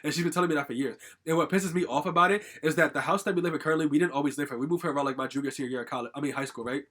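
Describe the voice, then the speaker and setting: Fast-talking young man venting a story. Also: a little high, a bit bright. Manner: rambling, heavy on "like" fillers and swearing; agitated, venting. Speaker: storytime vlogger. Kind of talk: casual storytime monologue.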